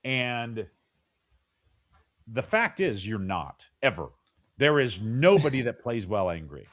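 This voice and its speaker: A middle-aged man being interviewed casually as a podcast guest talks animatedly, with frequent restarts and repeated words, acting out what parents and kids say. His mid-range voice has a sing-song quality, and he speaks at a slow pace.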